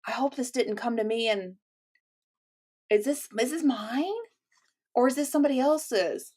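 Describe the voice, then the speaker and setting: A woman's voice: a little high, fairly quick, breathy edge. A woman hosting her own channel, chatting casually to viewers while opening gifts at home, gushing with gasps, little laughs and exclamations. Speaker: channel host. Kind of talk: casual unboxing chat to viewers.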